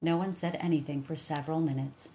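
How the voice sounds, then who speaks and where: A woman calmly reading a children's chapter book aloud as narrator. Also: low voice, fast. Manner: calm, even storytelling.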